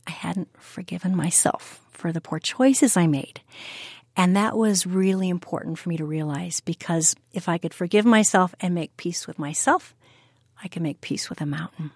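A woman's voice: lowish voice, a little mellow, dry recording, clean studio sound. A woman being interviewed on the radio about her memoir, answering in an earnest, reflective storytelling way. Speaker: interview guest, memoir author.

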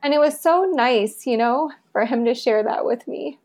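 A woman guest speaking softly and haltingly in a personal remembrance, with small laughs between thoughts. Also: a little high. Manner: soft, halting, tearful. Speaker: interview guest.

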